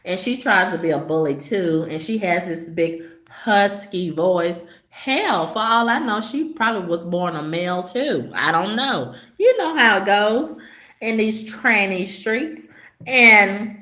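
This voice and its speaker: A woman's voice: mid-range voice, lively intonation, slow pace, pushed and bright, echoey room. A woman vlogger telling a story to her viewers in a sassy, gossipy way, her voice swooping up for emphasis. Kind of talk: casual vlog storytelling to viewers.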